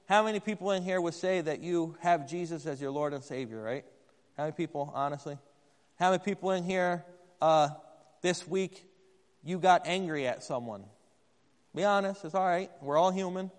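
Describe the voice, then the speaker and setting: A man's voice: high-pitched, normal speed. A man preaching a sermon in a church, talking conversationally and putting questions to the congregation. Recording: long hall reverb.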